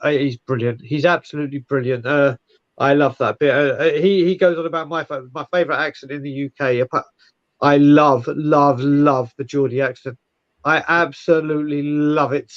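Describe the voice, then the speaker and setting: A man's voice: on the high side, fairly even intonation, moderate pace, no echo, muffled recording. A man hosting a casual chat who rambles, restarts his sentences and repeats words. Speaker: podcast host.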